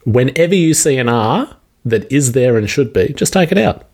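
A man's voice: mid-range voice, expressive, moderate pace, darkish tone. A man, co-hosting a casual podcast and teasingly coaching others on pronunciation. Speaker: podcast co-host. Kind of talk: casual chat.

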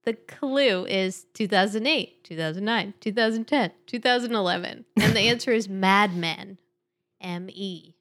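A woman hosts a casual chat at an unhurried pace. Her voice sits in the middle range, and she is easygoing, with frequent giggles between her thoughts. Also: mid-range voice, fairly bright tone. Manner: giggly, easygoing, laughs often. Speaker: podcast host. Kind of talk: casual chat about crossword puzzles.

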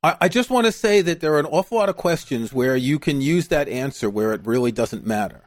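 A man's voice: on the high side, a little fast, no room sound, studio quality. A man hosting a podcast, reading listener questions and prompting his guest in an easygoing way. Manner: relaxed, prompting, small restarts. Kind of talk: casual podcast chat. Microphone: video call.

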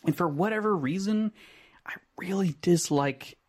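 A man's voice: high-pitched, measured pace, slightly rough. A man co-hosting a casual podcast chat about movies, rambling with lots of ums and restarts. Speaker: podcast co-host.

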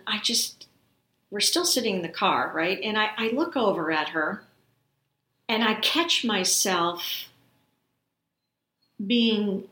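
A middle-aged woman tells a personal story slowly and unhurried, with a noticeably roomy echo around her voice. She talks conversationally, acting out bits of dialogue, and sounds close to tears. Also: mid-range voice, a bit bright. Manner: conversational, emotional retelling with quoted dialogue. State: near tears. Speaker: podcast host.

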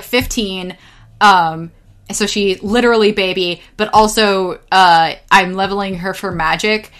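A young woman in casual chat, rambling through her thoughts with a steady stream of fillers and the odd curse. Her voice sits at an ordinary middle pitch, and her delivery is loose and animated. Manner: rambling, filler-heavy, swears freely, animated storyteller.

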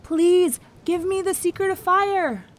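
A woman's voice: high voice, lively intonation, a little slow, pitched above the performer's own voice. A woman voicing a humble, kind young male fisherman in a storybook reading, earnest and plain-spoken. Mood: crying out. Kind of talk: storybook narration.

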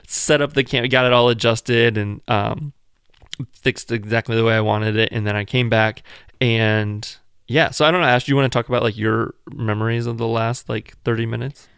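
A man's voice: mid-range voice, steady tone, moderate pace, gravelly, fairly bright tone, clear, resonant tone, dry recording, studio quality. A man casually telling the story of his child's birth, rambling and filling his talk with "like", joking along the way. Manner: rambling, full of "like", jokes around.

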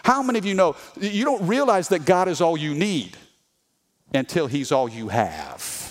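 Animated, lively-voiced male preacher. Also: fairly high pitch, normal speed. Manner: animated, humorous, calls for congregation responses; reads scripture aloud with voiced characters. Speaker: pastor. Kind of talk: sermon.

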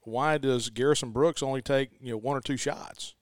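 Casting: mid-pitched male sports host, emphatic and chatty, dry studio mic. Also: steady tone, moderate pace, no echo. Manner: emphatic, repeats "let me tell you". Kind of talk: casual sports chat.

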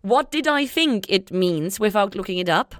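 A woman's voice: mid-range voice, expressive, moderate pace, no echo, studio quality. A woman co-hosting a podcast, chatting casually and explaining word meanings step by step with playful humor. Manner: playful, nerdy, explains words methodically. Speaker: podcast co-host. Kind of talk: casual chat.

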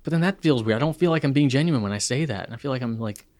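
A man's voice: mid-range voice, lively intonation, rapid-fire, a little mellow. A man co-hosting a podcast, telling playful stories in casual chat with lots of "like" fillers. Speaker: podcast co-host.

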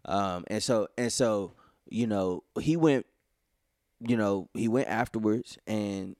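A podcast co-host with a lowish, slightly mellow voice talks slowly in casual conversation, rambling and leaning on "you know" fillers. The recording is clean studio sound with no echo.

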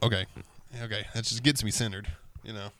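A man's voice: lowish voice, fairly even intonation, brisk, a bit bright. A man in playful casual chat, self-mocking and rambling through his setups. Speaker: participant taking turns singing verses.

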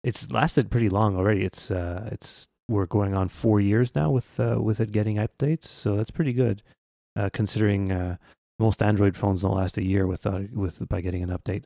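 Podcast co-host, man, low and gravelly, relaxed chatty delivery. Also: normal speed, no echo, clean studio sound. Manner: chatty, frequent ums and restarts. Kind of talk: casual tech chat.

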